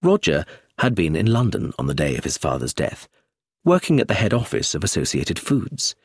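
A man reading a story aloud as narrator, in an expressive scripted narration. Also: low-pitched, moderate pace, slightly rough, no room sound, studio quality.

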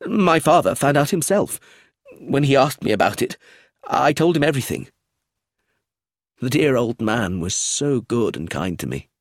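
A man's voice: medium pitch, sing-song, moderate pace, pauses often, no echo, pitched above the performer's own voice. Man voicing a flustered, anxious businessman. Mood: earnest, flustered. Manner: eager, anxious and pleading. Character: flustered, clumsy middle-aged businessman.

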